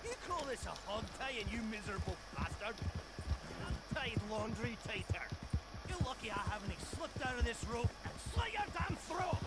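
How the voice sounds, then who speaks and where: A rowdy, foul-mouthed Scottish prisoner in a thick exaggerated Scottish accent, hurling gruff insults. He sits very high and swings his pitch all over, with loud game-world noise behind him. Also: very animated, moderate pace. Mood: taunting. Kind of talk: video game dialogue.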